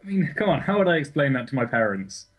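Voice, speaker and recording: A young man co-hosts a podcast, talking casually and dropping the odd swear word as he works through his thoughts, often restarting a sentence midway. His voice sits at an ordinary middle pitch. He sounds relaxed and unscripted. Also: fast, rough recording. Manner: casual, sweary, self-correcting. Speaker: podcast co-host. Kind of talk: casual chat.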